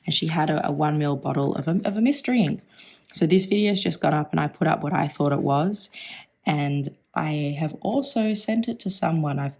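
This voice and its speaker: A woman with a hoarse, partly lost voice, chatting casually through a stationery flip-through vlog, clearing her throat now and then. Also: deep voice, a little mellow. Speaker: stationery vlogger.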